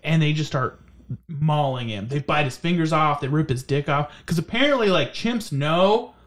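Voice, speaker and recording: A young man co-hosting a casual podcast chat, animated and laughing often, telling stories and slipping into goofy voices. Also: fairly high pitch, moderate pace. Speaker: podcast co-host.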